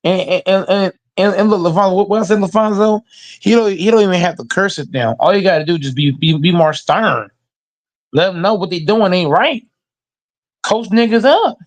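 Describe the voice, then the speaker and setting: A man's voice: high-pitched, moderate pace. A man hosting a casual sports reaction show, ranting emphatically and with heavy profanity. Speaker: host reacting to football news.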